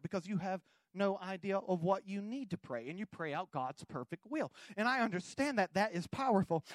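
A male pastor preaching a sermon, moving from quiet storytelling to exuberant shouting. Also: high-pitched, no room sound.

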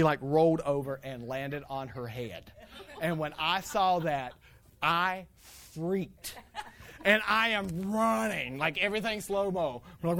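A man preaching to a congregation, telling playful stories about his family with laughter and lively acting-out. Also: sits high. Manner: animated, playful storytelling with laughter. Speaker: pastor. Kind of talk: sermon with personal stories.

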